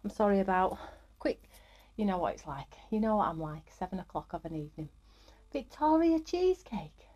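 A woman's voice: fairly low pitch, fast talker, a little mellow. A woman, middle-aged, hosting a live craft stream in an upbeat, chatty way and greeting viewers by name.

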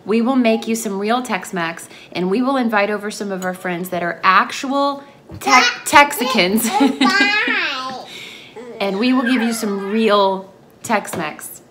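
A woman's voice: medium pitch, unhurried. A woman, a mother, chatting and telling stories with lots of giggles in a casual home vlog. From Texas. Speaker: family vlogger, mother. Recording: home video with steady background noise.

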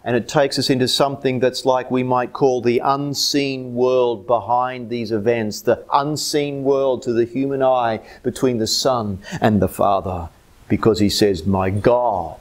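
A man with an Australian accent preaching a sermon as pastor, swinging between loud emphatic lines and low hushed ones. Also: steady tone, a little slow.

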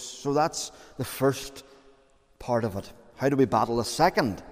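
A man's voice: mid-range voice, expressive, measured pace. A man preaching a sermon as pastor, earnest and conversational, with fillers and repeated phrases. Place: church. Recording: long church reverb.

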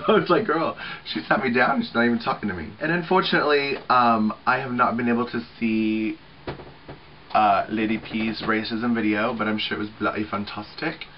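A man's voice: mid-range voice, fairly even intonation, normal speed, dull audio, a little hiss or hum. Chatty, swearing man in his thirties. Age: 30s. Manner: chatty, swears freely, many fillers and asides. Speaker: vlogger on a group channel. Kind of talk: casual weekly video chat.

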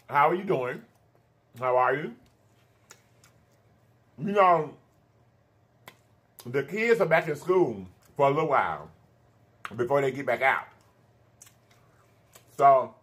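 A man's voice: a little high, a bit bright. A thirty-year-old man, hosting a casual eating show, chatting to viewers between bites and calling them honey and baby. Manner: chatty, drawn-out "honey" and "baby" asides, hums while eating. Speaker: mukbang host.

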